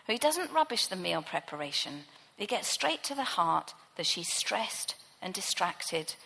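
Woman preacher, fairly high voice, conversational sermon, long reverb. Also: fairly bright tone. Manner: conversational Bible teaching.

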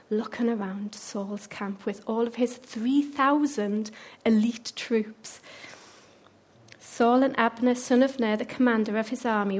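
A woman retelling a Bible story with commentary, expressive and dropping to whispers for suspense. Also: medium pitch. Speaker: Bible teacher.

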